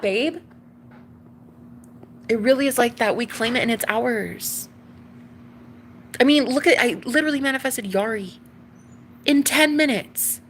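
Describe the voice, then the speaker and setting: A woman's voice: sits high, measured pace, pauses often, a little hiss or hum. A young woman talking to camera in a casual, confessional way, gushing and chatty, calling her listener girl and babe. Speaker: tarot reader and vlogger.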